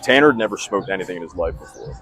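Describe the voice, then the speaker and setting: A man's voice: low-pitched, animated, rapid-fire, fairly bright tone, rough recording. A young man telling a rambling, profane story in casual podcast chat. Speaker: podcast host.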